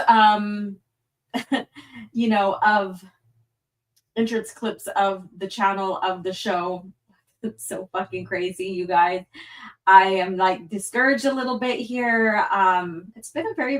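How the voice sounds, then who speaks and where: A woman's voice: mid-range voice, far from the mic. A woman hosting a casual livestream chat, rambling and apologetic with many fillers. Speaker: livestream host. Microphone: phone hotspot stream.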